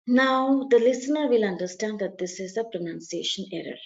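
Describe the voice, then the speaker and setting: A woman coaching students for a speaking exam, her voice a touch high for a woman. She walks through each point with examples and leans on key words. The sound is slightly dull and lo-fi. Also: steady tone, fairly quick, hardly any pauses. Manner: explains step by step with examples, stresses words. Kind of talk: video lesson.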